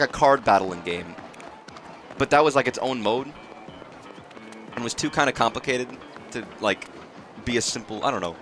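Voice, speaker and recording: A male streamer rambling through live gameplay commentary, swearing casually and restarting his phrases. His voice is bright and his pitch swings widely. Faint music plays underneath.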